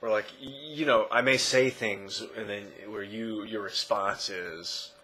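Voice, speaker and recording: A man talking casually to his camera in a rambling way, correcting himself and often trailing off quietly. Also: fairly low pitch, fairly even intonation, a little slow, husky, rough recording. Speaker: vlogger. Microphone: camera mic.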